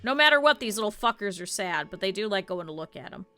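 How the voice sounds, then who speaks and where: A woman streamer chatting casually to her live chat, blunt and swearing freely, with lively quoted asides. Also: medium pitch, quick pace, clear, resonant tone.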